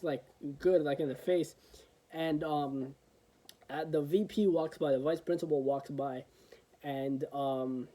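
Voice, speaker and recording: A man's voice: a little high, warm tone, rough recording. A young man vlogging, telling a story in a loose, rambling way, full of fillers and "right?". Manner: rambling, filler-heavy, keeps asking "right?". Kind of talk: casual storytelling.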